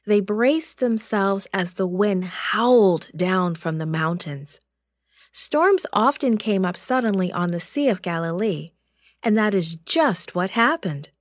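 A woman narrating a Bible story for children in a slow, clear and expressive way. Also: medium pitch, no echo, studio quality.

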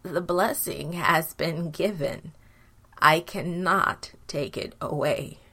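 Woman voicing a shaky, slow old father. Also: medium pitch, animated, a bit bright, slightly rough, exaggerated voice. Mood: grieving. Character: frail old blind father, anxious and grieving.

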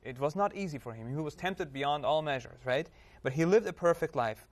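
A man talking earnestly in a relaxed group Bible discussion. He quotes scripture and pads it with "you know" and "right?". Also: a little high, fairly quick. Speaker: panel member.

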